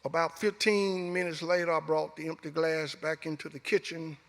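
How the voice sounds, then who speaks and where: A man's voice: a little high, level tone, moderate pace. A middle-aged man from Alabama with a Southern US accent, telling a personal story as a guest speaker and acting out the dialogue. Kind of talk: storytelling speech. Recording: echoey hall.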